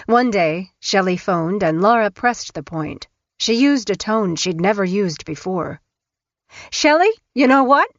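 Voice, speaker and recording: A woman narrating an audiobook in a measured, even way. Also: medium pitch, no echo. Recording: dull, dry studio recording.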